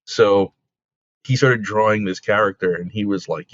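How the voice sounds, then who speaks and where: A man, a comic book creator, telling stories casually in an interview, full of fillers and quick laughs. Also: on the low side, a bit bright. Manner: rambling, with many fillers like "like" and "you know". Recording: dull lo-fi dry recording.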